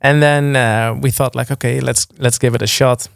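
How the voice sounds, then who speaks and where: Young man, smooth voice. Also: mid-range voice, fairly even intonation, moderate pace, dry recording, clean studio sound. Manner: hesitant, many restarts and fillers. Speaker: guest music producer. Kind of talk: casual interview chat.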